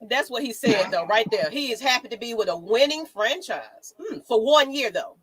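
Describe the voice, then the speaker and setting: A woman's voice: a little high, normal speed, rough recording. A woman co-hosting a sports show, talking casually and animatedly, acting out other people's reactions. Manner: animated, laughing, acts out reactions.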